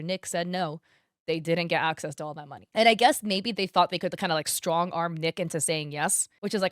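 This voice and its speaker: A woman streamer giving casual commentary, chatty and animated, with a crunchy way of pronouncing words and some mild swearing. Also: lowish voice, no room sound, clean studio sound. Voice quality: crunchy enunciation. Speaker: streamer and content creator.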